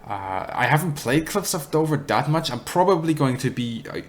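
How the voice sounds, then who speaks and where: A man's voice: on the high side, animated, moderate pace, slight background noise. A man with a German accent casually answering chat questions on a live stream, rambling and correcting himself with dry humour. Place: apartment.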